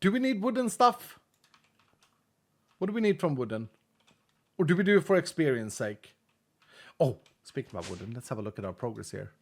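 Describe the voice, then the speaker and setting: A man's voice: medium pitch, sing-song, brisk, pauses often. A man streaming a game, chatting casually with his viewers, reading their messages aloud and laughing often, speaking English with a non-native accent. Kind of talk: casual live-stream chat.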